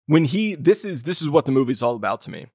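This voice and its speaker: Fairly high-pitched and slightly rough, the co-host talks fast as he casually discusses a film on a podcast, animatedly retelling scenes and acting out its lines. The studio recording has no room sound.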